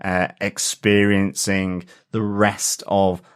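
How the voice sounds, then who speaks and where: Male podcast co-host, lowish voice, relaxed and thoughtful. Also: takes it slowly, clean tone. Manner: relaxed, thoughtful, uses many fillers. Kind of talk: casual chat.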